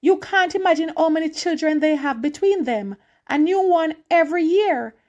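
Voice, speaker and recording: A woman's voice: very high-pitched, normal speed, darkish tone, dull audio. A woman reading a short story aloud in a childlike, pleading first-person telling. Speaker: reader.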